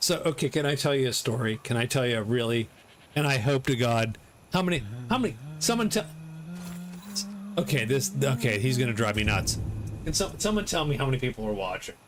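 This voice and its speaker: A middle-aged man giving live commentary on his gameplay, excitable, swearing and laughing often. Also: mid-range voice, fairly quick, slight background noise. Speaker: game streamer.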